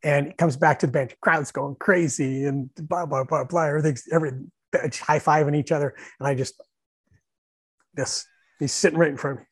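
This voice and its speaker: Husky, animated former hockey coach. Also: male voice, a little high, fairly quick, dry recording. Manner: animated storyteller, laughs often, acts out shouted bench calls. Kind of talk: casual storytelling chat.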